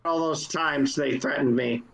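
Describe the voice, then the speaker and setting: A man's voice: a little high, steady tone, measured pace, creaky, rough recording. A man voicing a wry male radio news anchor who answers with dry sarcasm. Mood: sarcastic.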